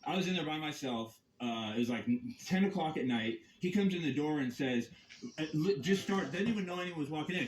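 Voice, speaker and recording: A man's voice: a little high, brisk, echoey room, slight background noise, rough recording. A man in a heated, rambling rant, filming on his phone from inside a vehicle. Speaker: campground guest confronting staff and police. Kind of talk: agitated first-person rant. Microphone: phone camera.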